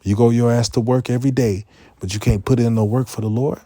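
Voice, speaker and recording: Man, dark mellow voice, dry close recording, profane street-preaching rant, stammering, bursts of shouting. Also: medium pitch, fairly even intonation, quick pace, no room sound. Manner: profane, repetitive, stammering restarts, rising into shouts.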